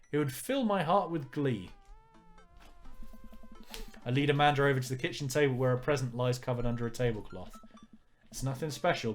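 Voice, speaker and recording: Man narrating a visual novel on stream, wry and low-key, faint music behind. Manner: wry, joking asides. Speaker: let's player. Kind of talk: reading a visual novel aloud with commentary.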